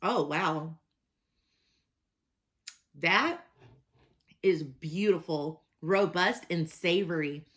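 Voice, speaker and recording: A woman's voice: on the low side, extremely slow, pauses often. A young adult woman hosting a casual hot sauce review, chatty and enthusiastic as she reads the labels aloud.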